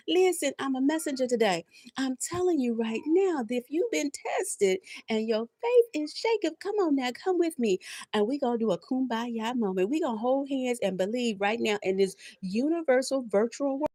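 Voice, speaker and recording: Woman in her fifties, live-stream spiritual host; lively, preachy, repeats her lines for emphasis, close and dry sound. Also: high-pitched, normal speed, dry recording. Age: 50s. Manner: preachy, emphatic call-and-response repetition; emotional, laughing through near tears.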